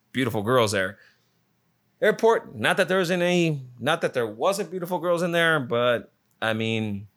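A Phoenix-area man with a mid-range voice and sharp tone rambles through an account of a trip, cursing freely. His telling is casual and exasperated.

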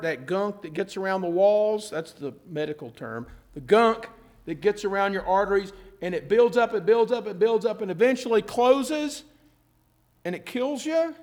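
A male pastor preaching a sermon, earnest, stretching key words for emphasis, repeating phrases, and dropping in casual asides. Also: high-pitched. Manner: informal asides with a self-correcting laugh.

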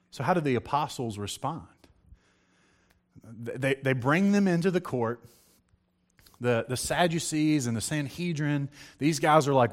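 A man preaching a sermon to a congregation, reading scripture aloud and acting out the quotes in a lively, conversational way, with questions to his audience. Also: mid-range voice, unhurried, pauses often.

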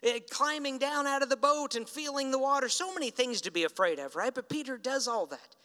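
A man's voice: very high-pitched, expressive, brisk, sharp tone. A man preaching a sermon in a conversational storytelling way, acting out the lines he quotes. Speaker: pastor. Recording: reverberant hall.

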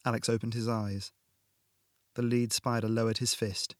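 A man reading an action science fiction audiobook in a steady, dramatic narration style. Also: mid-range voice, moderate pace, no echo, clean studio sound. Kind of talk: scripted narration. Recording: music bed under narration.

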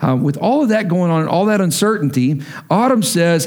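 A man from Texas preaching a sermon, telling a family story in a lively way and acting out the voices of the people in it. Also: high-pitched, fairly quick, hardly any pauses. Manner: animated, acts out family members' voices. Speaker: pastor.

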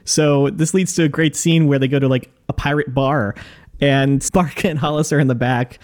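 A man's voice: on the high side, steady tone. Joking, crude male podcast host. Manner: joking, crude, quick recaps. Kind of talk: casual chat.

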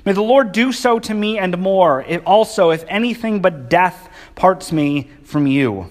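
A man's voice: high voice, expressive, measured pace, voice pushed up. A man voicing a determined young widow woman, speaking in an earnest, pleading way. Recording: long hall reverb.

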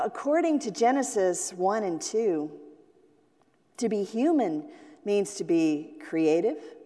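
Slow-preaching woman pastor in a reverberant hall. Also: mid-range voice, mellow. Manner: slow, deliberate preaching with acted-out quotes. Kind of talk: sermon. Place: church sanctuary.

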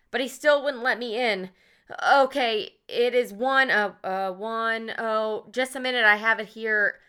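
A panicked social worker, higher and louder than her usual voice, stumbling over her words as she begs for help, acted out by a woman telling the story. The tone is bright and clear, with urgency in every phrase. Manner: flustered, stammering, urgent. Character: distraught female social worker on an emergency call.

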